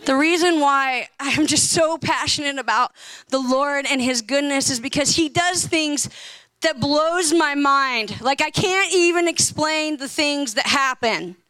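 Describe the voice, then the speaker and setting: A woman's voice: high-pitched, measured pace, sharp tone, low-quality recording. A woman preaching a sermon with passion, reading scripture and breaking into casual slang, at times crying out. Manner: impassioned, rising to cries when quoting prayer; reads scripture aloud, then speaks casually with slang.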